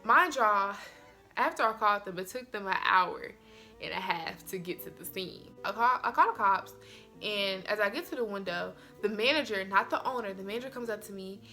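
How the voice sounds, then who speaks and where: Bright-voiced young woman telling a storytime. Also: mid-range voice, moderate pace, faint music behind. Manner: animated, addresses viewers as y'all. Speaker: vlogger. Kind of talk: storytime vlog.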